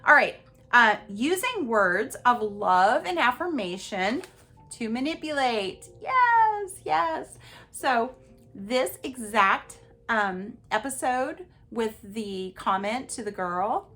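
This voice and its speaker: A woman hosting a podcast, telling a personal story in an animated, emphatic way and talking straight to her listeners. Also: a little high, slow pace. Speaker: podcast host.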